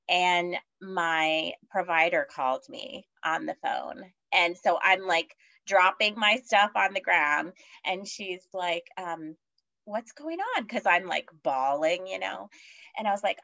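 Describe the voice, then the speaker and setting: A woman's voice: mid-range voice, lively intonation, a little slow, vocal fry, fairly bright tone. A woman guest on a podcast, telling a personal story in a casual chatty way, with lots of fillers and acted-out quotes. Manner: chatty, many fillers, acts out quoted voices. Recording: dull lo-fi audio.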